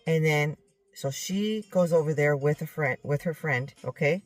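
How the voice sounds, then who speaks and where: A woman's voice: low voice, normal speed, no room sound, faint music behind. Rambling woman teacher recounting a dream. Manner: rambling, checks in with "okay?", self-correcting. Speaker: Bible teacher. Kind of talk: retelling a dream with scripture teaching.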